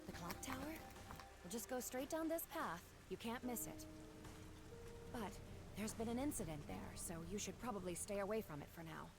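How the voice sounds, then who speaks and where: A woman's voice: mid-range voice, lively intonation, moderate pace, close to an everyday voice. A woman voicing a kind, helpful townswoman in a video game, giving directions politely. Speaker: game character. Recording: game audio with loud music behind. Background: game music.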